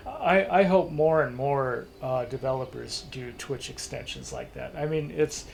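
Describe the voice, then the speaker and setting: A man's voice: mid-range voice, a little slow, vocal fry, a little hiss or hum. A man hosting his live stream, chatting casually and a little tired, often restarting his sentences. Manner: rambling, restarts mid-thought, chuckles. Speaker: streamer hosting a talk segment.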